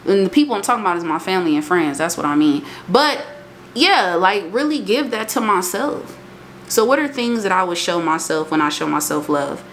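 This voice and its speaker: A woman's voice: a little fast, slight background noise. A young woman, talking casually and emphatically in a motivational vlog monologue. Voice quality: emphatic and animated, swings into high exclamations. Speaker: vlogger.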